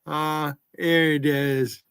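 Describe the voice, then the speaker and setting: A man's voice: fairly high pitch, flat delivery, extremely slow, gravelly, fairly bright tone, clean tone, no room sound, studio quality. A man hosting his own livestream, talking crude and confrontational, swearing at chatters. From United States. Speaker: livestream host. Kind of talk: casual livestream chat.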